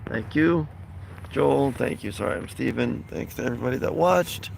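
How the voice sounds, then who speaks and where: A man's voice: medium pitch, normal speed, vocal fry, slight background noise, rough recording. A man chatting casually on a live stream, rambling and reading out viewer comments as he signs off. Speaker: vlogger wrapping up a live stream.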